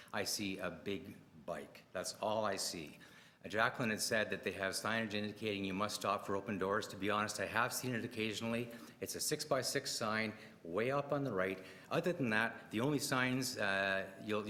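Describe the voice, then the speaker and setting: Hurried man in echoey chamber. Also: lowish voice, fairly bright tone. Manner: earnest, hurried, pointed rhetorical questions. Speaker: public deputant at city committee. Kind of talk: public deputation at a council meeting. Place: council chamber. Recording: long reverb, faint room noise.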